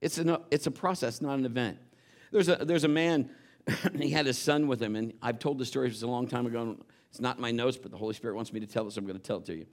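A man preaching a sermon, telling a story and rising into loud exhortations. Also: medium pitch, quick pace.

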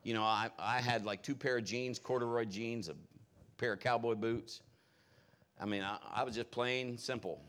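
A man's voice: mid-range voice, normal speed, fairly bright tone, smooth. A male pastor preaching a conversational storytelling sermon in a folksy, personal way with rambling asides.

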